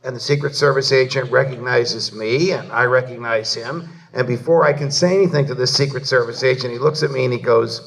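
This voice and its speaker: A man's voice: mid-range voice, steady tone, fairly quick, gravelly, hardly any pauses, fairly bright tone, far from the mic, poor audio. Man telling anecdotes to a banquet crowd. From New Jersey. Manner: humorous, building up anecdotes to a punchline. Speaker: keynote speaker. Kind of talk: storytelling speech at a banquet. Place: event hall before a live audience.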